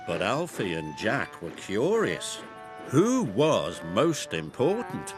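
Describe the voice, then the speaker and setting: A man narrating a children's storybook in a gentle, expressive telling. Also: fairly low pitch, slow. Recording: narration with music underneath.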